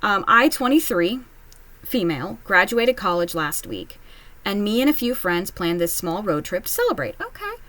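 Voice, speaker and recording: A woman giving casual reaction commentary while reading online posts at home, chatty and candid, with quick asides. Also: mid-range voice, sing-song, fairly bright tone, dry recording. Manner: chatty, candid, quips and mimics others in asides. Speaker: online post reader and commentator.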